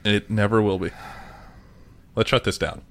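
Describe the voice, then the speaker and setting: A man's voice: on the low side, fairly even intonation, moderate pace, creaky, a bit bright. A man co-hosting a casual podcast, dropping short dry jokes. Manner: dry quips, joking. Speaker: podcast co-host. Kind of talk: casual chat.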